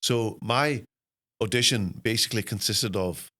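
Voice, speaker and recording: A middle-aged Scottish man, an actor guest, telling anecdotes in a self-deprecating, animated way. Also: fairly low pitch, a little slow. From Scotland. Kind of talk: anecdotal storytelling.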